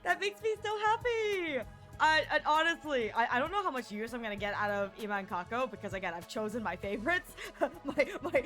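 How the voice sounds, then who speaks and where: A woman streamer chats through her game in a high, bright voice, giggling and animated. Faint game music hums under her talk. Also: fairly quick. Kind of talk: casual gameplay commentary.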